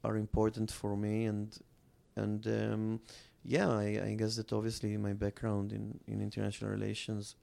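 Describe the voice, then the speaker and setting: A man from Israel answers interview questions about his films with an earnest, halting delivery that keeps circling back on itself. His voice sits low and carries a gravelly, fry-laden edge. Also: monotone, warm tone. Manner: earnest, halting with many restarts. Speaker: film director. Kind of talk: interview conversation.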